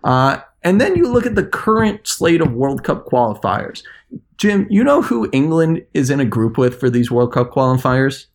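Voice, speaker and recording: A man with a gravelly edge in his voice, talking as a podcast's international correspondent. He rants in an animated, sarcastic way, and his pitch swings widely as he makes his points. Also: normal speed. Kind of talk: podcast chat.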